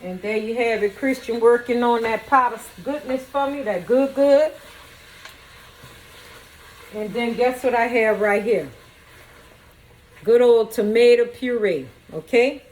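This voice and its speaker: A woman's voice: fairly high pitch, a little slow, pauses often, a little mellow, a little hiss or hum. A woman cooking in her home kitchen, chatting playfully and talking straight to her viewers. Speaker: home cook and vlogger. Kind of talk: casual cooking demonstration.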